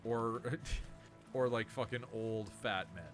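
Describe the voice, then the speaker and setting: A fairly low-pitched man from Ontario chats casually while streaming a game, with music clearly audible behind his voice. He rambles, swears freely and often restarts his sentences. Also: steady tone, slow. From Ontario, Canada. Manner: rambling, sweary, self-interrupting. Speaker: streamer host. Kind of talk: casual gaming chat.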